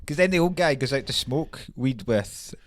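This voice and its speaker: A man co-hosting a podcast in casual chat, speaking in a dry, slow manner. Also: mid-range voice, lively intonation, dry recording. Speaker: podcast co-host.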